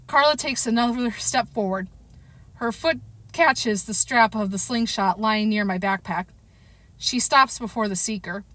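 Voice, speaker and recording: A woman narrating a first-person audiobook chapter, reading expressively and now and then correcting herself. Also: mid-range voice. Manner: expressive storytelling, occasional self-corrections.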